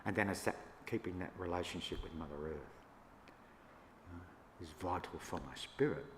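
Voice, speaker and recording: An older Australian man, a First Nations elder, telling stories to an audience in a relaxed, yarning way with laughs between them. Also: low voice, moderate pace. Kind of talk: storytelling talk to an audience. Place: church hall. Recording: echoey hall, faint room noise.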